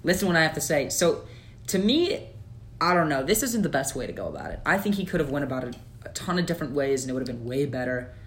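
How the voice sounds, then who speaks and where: Animated young guy talking sports. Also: medium pitch, quick pace. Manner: animated, opinionated, lots of fillers. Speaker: podcast co-host. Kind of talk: casual sports podcast chat.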